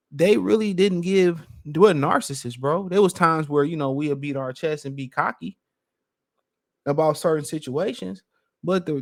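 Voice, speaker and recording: A man's voice: fairly high pitch, gravelly. Rambling middle-aged man vlogging. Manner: rambling, with many fillers and restarts. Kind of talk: casual opinion monologue.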